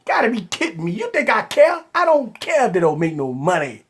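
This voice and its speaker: A male tech host rambles conversationally through a live stream, repeating himself as he chats with viewers. His voice sits high and swings lively up and down. It has a husky grain. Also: brisk. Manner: animated, repetitive, rambling, conversational.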